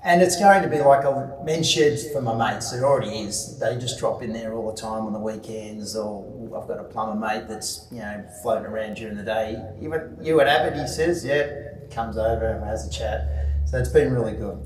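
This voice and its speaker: A man's voice: fairly low pitch, moderate pace, a little mellow, slight background noise. Rambling man, echoey distant room. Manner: rambling, many fillers and restarts. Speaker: guest speaker. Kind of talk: casual anecdotal talk. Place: club meeting room. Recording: echoey room, distant mic, faint ambience.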